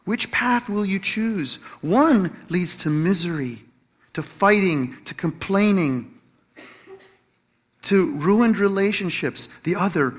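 A man with a notably high voice preaches through a personal story, full of restarts and little laughs. He acts out the quotes as he goes, then drops into a softer, slower voice for his points. Middle-aged and addressing his listeners directly. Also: animated. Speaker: Christian teacher or pastor.

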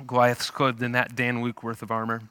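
A man preaching a sermon, retelling a scripture story in an animated, storytelling way. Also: mid-range voice, normal speed, clear, resonant tone, no room sound. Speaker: pastor.

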